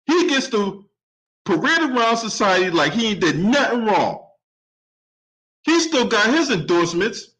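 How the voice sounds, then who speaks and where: Man, high voice, angry solo sports rant, heavy swearing, keeps asking "right?". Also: big pitch swings, unhurried, pauses often, a bit bright, rough recording. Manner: profane, heated, repeatedly asks "right?". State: openly angry. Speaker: sports and politics commentator.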